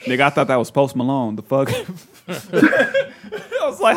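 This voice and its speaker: A young man hosting a podcast in casual chat, loud and profane, laughing often. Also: medium pitch, wildly swooping pitch, a little slow, pauses often. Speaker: podcast host.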